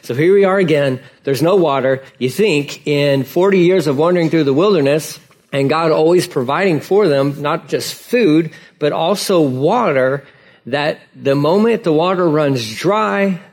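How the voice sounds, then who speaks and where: Guy pastor preaching real casual, kinda high voice, gets animated acting out bits. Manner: casual, conversational preaching with animated acted-out dialogue. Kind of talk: sermon.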